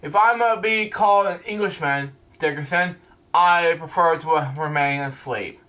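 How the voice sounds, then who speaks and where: A man reviewing a comic book, reading it aloud haltingly, stumbling over words and adding his own asides. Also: fairly high pitch, bright, forceful tone.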